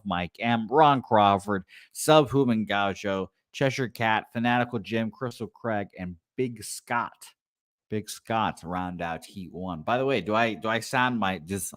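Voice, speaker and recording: A man's voice: mid-range voice, no echo, clean studio sound. A man co-hosting a casual sports-betting show from his new apartment, rambling and self-deprecating with lots of fillers. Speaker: co-host. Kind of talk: casual chat and race calling.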